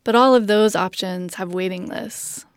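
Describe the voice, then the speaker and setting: A woman journalist narrating a documentary story in a measured, plain way. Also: medium pitch, smooth, dry recording, studio quality. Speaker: journalist host. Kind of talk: scripted narration.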